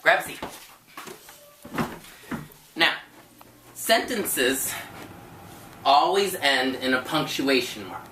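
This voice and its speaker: Brief: low-pitched, bright-voiced woman teacher, patient and encouraging, recorded from across an echoey room. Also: lively intonation, takes it slowly, pauses often. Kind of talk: one-on-one tutoring lesson. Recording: echoey room from far off, faint noise.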